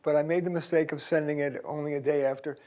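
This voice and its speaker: A man with a slightly higher voice delivers a career seminar, reading his own short article aloud at a deliberately slowed pace. He is a naturally fast talker holding himself back in a university auditorium. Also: fairly even intonation, darkish tone. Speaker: career coach giving a seminar talk.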